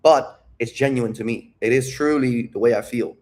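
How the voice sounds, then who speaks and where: A man's voice: medium pitch, normal speed, a little mellow. A man talking candidly about dating and his emotions, rambling and calling the listener "dude". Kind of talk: casual talk.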